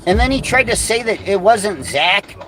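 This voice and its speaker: A man's voice: sits high, expressive, normal speed, a bit bright, low-quality recording. A man vlogging in a heated, rambling rant, swearing constantly and full of fillers. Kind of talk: casual profane rant.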